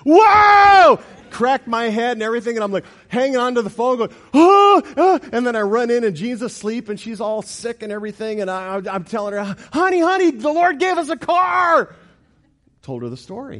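A middle-aged man preaching a sermon as pastor, telling stories, joking with the congregation and acting out quotes. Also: high voice. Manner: animated storyteller, jokes with congregation, acts out quotes.

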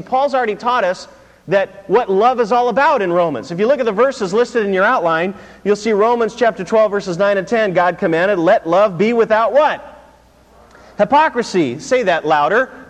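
A man preaching a sermon as pastor, drawing call-and-response answers from the congregation and repeating words for emphasis. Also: high voice. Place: church sanctuary. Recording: long hall reverb.

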